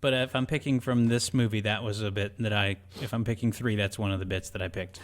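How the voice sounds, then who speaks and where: A man's voice: on the low side, brisk. A man in his thirties co-hosting a casual podcast chat, telling stories loosely and acting out quotes in goofy voices. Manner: animated storyteller, acts out quotes in silly voices. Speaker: podcast co-host.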